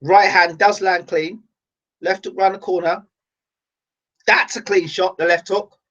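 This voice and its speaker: A man giving live fight commentary on his own channel, exasperated and ranting, now and then breaking into excited shouting. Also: high-pitched, a little slow, dull audio.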